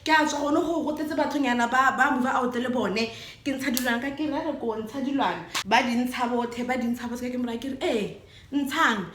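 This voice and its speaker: A young woman with a Botswana accent tells a story to her camera, her high, bright voice bouncing around an echoey room. She talks in a lively way, mixing English and Setswana and breaking into laughs. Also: fast talker, slight background noise. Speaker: vlogger. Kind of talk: storytime vlog.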